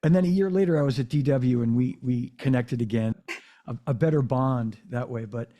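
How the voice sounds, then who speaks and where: A man's voice: medium pitch, brisk, dark tone. A man hosting a casual interview, telling stories with lots of fillers and restarts. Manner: rambling storyteller, many fillers and restarts. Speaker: podcast host. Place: home drum room.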